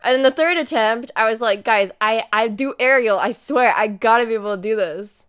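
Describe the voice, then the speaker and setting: A woman's voice: on the high side, fairly quick, fairly bright tone, clear, resonant tone. A young woman in her twenties chatting casually to her live stream audience, telling a story and acting out what she and her friends said.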